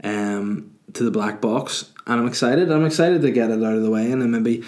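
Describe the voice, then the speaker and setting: Rambling podcast host. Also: male voice, medium pitch, normal speed, darkish tone. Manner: rambling and self-mocking, with many fillers. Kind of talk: casual podcast monologue.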